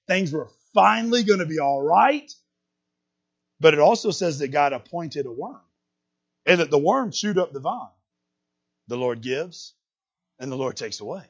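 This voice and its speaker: A man preaching a sermon as a pastor, talking conversationally and swinging between loud bursts and quiet asides. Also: a little high, moderate pace, long pauses, slightly rough, dull audio. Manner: animated, conversational preaching with sudden loud jumps and quiet drops.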